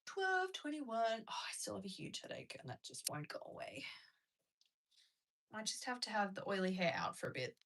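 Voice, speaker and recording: Bright, gravelly young woman streamer. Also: mid-range voice, animated, a little fast, long pauses. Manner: chatty, reading out and answering viewer comments. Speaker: livestream host. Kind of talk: casual live-stream chat. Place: at home.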